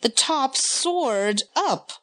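A woman's voice: high-pitched, animated, very slow, a bit bright. A woman reading a picture book aloud in a playful way, chanting the sound effects. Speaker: storybook reader.

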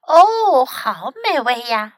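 A woman voicing a timid, wide-eyed female country mouse with a soft, wondering manner, in an audiobook story. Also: high-pitched, very animated, slow, dry recording, clean studio sound, full character voice. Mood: delighted. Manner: soft, wondering, easily frightened.

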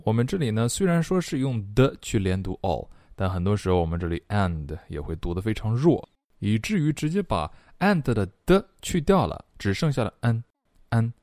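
A man leads an online English lesson in a low, dark voice. He explains quickly, then repeats each phrase slowly for learners. The recording is dry and close. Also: no echo. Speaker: English pronunciation and singing teacher.

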